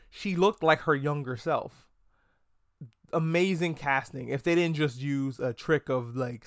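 A man hosting a casual video review of a TV episode, talking excitably, rambling and swearing a lot. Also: fairly high pitch, clear, resonant tone, no echo, studio quality. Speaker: TV show reviewer.

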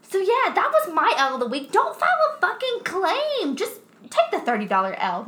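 Animated young woman, bright and roomy. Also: extremely high pitch, moderate pace, hardly any pauses, noisy background. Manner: animated, swears often, laughs while telling. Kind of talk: casual storytelling chat. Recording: roomy echo.

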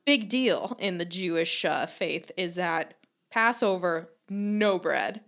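A young woman chats casually on a podcast, her voice fairly low, slow and a little bright. She tells a comic story, swearing freely, acting out quotes and laughing a lot.

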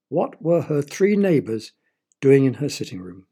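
Dark-voiced man reading a children's story. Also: mid-range voice, sing-song, measured pace, slightly rough.

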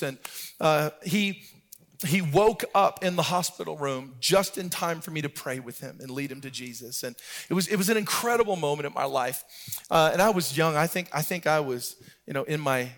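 A middle-aged man preaching from the pulpit with a high-pitched voice. He tells his stories in a relaxed way, then lifts into a sung, rhythmic preacher's cadence. It is a sermon voice through and through. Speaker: pastor.

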